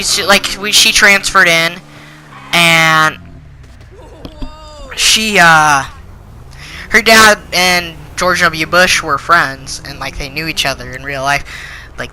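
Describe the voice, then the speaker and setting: Very bright teenage boy ranting. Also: a little high, a little hiss or hum, low-quality recording. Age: teens. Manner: indignant, rambling with many fillers. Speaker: channel host. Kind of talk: storytime rant.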